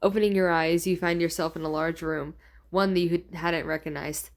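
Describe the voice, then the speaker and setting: A woman's voice: on the low side, steady tone, brisk. Woman in her twenties reading her fanfiction. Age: 20s. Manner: stumbles and corrects herself, laughs at her own writing. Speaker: fanfiction reader. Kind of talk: reading her old fanfiction aloud with asides.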